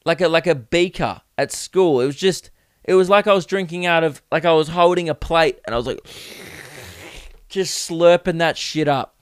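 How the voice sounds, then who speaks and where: A young man rambles through a comic rant, swearing freely and mocking himself. His voice sits fairly high and sounds smooth and crisp. The recording is dry and close. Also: moderate pace, no room sound. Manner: rambling, profane, self-mocking. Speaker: podcast host. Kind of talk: casual comedic monologue.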